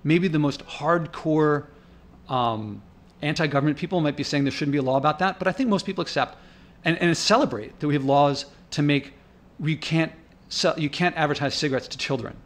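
A man with a fairly high voice narrates over his own footage in a loose, unscripted way. He sounds indignant and worked up, rambling and thinking aloud with restarts. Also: a little fast. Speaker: vlogger. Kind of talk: casual narrated commentary over park footage.

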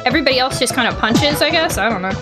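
A woman hosting a let's play, thinking aloud in a chatty, unsure way and often yelling out in excitement. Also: high voice, racing. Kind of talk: gaming commentary. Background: game music.

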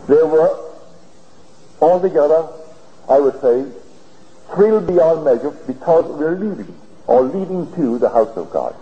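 A man giving a spiritual lecture, telling his story in an earnest, deliberate way, heard on an old archival tape. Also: medium pitch. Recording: old archival lecture tape, dull and hissy, in a reverberant hall.

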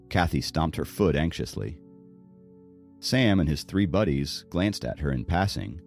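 A man narrating an audiobook with expressive storytelling. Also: very deep voice, unhurried, vocal fry, soft background music. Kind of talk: scripted narration.

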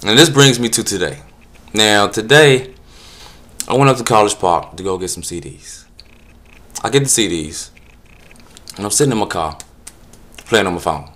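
A man's voice: lowish voice, moderate pace, long pauses, fairly bright tone. A man telling a comic story in an exasperated, slangy rant. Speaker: comedic storyteller. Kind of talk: casual comedic rant.

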